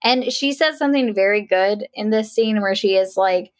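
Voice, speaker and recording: A woman's voice: medium pitch, moderate pace, no echo. Chatty woman podcast co-host. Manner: chatty, retelling with acted quotes; profane, frank. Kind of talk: casual chat about a movie.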